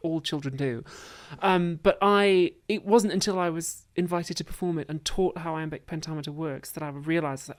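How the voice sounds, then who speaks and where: A woman talking as a guest in a casual chat, animated and enthusiastic when explaining acting and verse. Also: sits low, moderate pace, few pauses. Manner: animated, enthusiastic about theatre.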